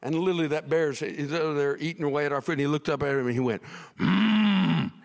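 Man, pastor, comic sermon story, animated, higher voice, long reverb. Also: racing.

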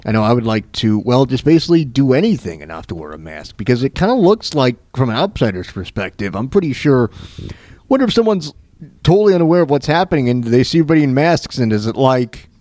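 A man's voice: medium pitch, very animated, fast, darkish tone, no echo. A man hosting his own radio show, talking casually and rambling with many restarts. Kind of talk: casual solo radio talk.

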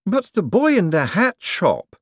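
Audiobook figure: a high, nervous male underling, fretful and panicky , voiced by a man. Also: huge pitch swings, unhurried, no room sound, clean studio sound, exaggerated voice. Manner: anxious, panicky muttering. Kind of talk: audiobook character voice.

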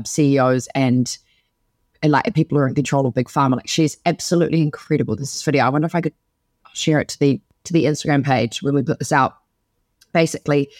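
A woman's voice: very deep voice, darkish tone, no room sound, studio quality. A woman co-hosting a podcast, chatting enthusiastically and rambling with plenty of fillers. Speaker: podcast co-host. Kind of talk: casual chat.

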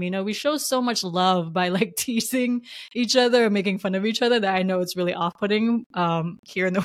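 A woman's voice: medium pitch, no room sound, clean studio sound. A woman from New Jersey hosting her own podcast, reflecting in a casual, rambling way with frequent laughs. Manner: chatty and warm-hearted, laughs often, loose filler-heavy rambling. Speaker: podcast host.

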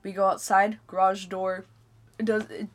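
A woman's voice: mid-range voice, level tone, normal speed. A young woman co-hosting a podcast, telling stories in a loose, rambling way full of "like.". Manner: rambling storyteller, heavy on filler "like". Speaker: podcast co-host. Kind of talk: casual podcast chat.

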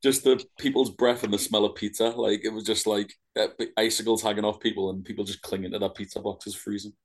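A man's voice: fairly low pitch, level tone, fast. A man co-hosting a podcast in casual chat, joking dryly and hesitating with fillers. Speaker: podcast co-host.

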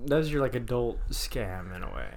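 A man co-hosting a podcast who breaks in with jokes and quick reactions in a casual chat. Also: medium pitch, expressive, crowd noise. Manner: joking interjections, drops into mock whispers. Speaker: podcast co-host.

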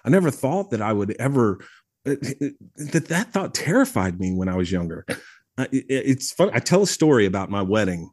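A man in his forties, a guest on a podcast, telling stories in a casual, animated way with frequent restarts and easy laughter. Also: fairly low pitch, moderate pace, dry recording, clean studio sound. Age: 40s. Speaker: podcast guest, public speaker. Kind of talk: casual storytelling conversation. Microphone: podcast studio microphone.

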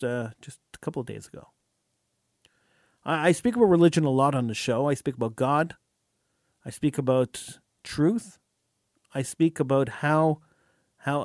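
A male talk radio host speaks in an impassioned, emphatic monologue, and his pitch leaps up and down as he argues. He often stumbles over the first words of a phrase and repeats them. His voice sounds close and dry, with no room echo. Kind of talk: monologue commentary.

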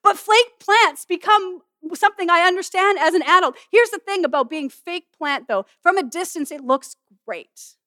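A middle-aged woman pastor giving an animated, humorous sermon in a conversational way. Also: extremely high pitch, normal speed, few pauses, dry recording, studio quality. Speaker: pastor and student chapel speaker. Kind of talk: sermon with object lesson.

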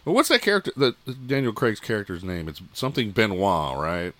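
Self-mocking guy chatting, lowish but bright tense voice, animated. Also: fairly quick, no room sound. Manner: self-deprecating, chuckling. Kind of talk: casual chat.

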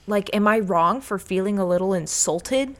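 A woman's voice: mid-range voice, moderate pace. A woman who bakes professionally, co-hosting a podcast and telling stories in casual chat, full of "like.". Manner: storytelling, filler-heavy "like". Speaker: professional baker, podcast co-host.

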